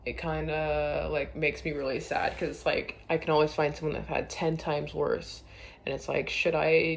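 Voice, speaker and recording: A woman talking in a casual confessional vlog, rambling and hesitant with many fillers, often trailing off quietly. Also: deep voice, creaky.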